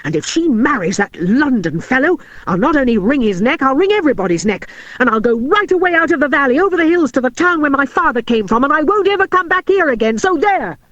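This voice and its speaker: A woman voicing a jealous, hot-tempered young boy who shouts and explodes with temper. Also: high-pitched, sing-song, fast talker, no room sound, muffled recording, voice pushed up. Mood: furious.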